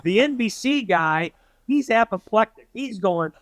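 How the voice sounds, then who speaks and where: A man's voice: high-pitched, measured pace, a bit bright, rough recording. An older man telling a story as an interview guest, animatedly acting out the voices of the people he quotes.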